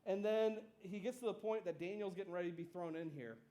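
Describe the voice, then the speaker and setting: A high-voiced pastor preaches in a relaxed, chatty way, full of asides and quick questions to the congregation. He retells stories with animated energy, acting out the scenes. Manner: casual, conversational preaching with fillers and asides. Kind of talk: sermon.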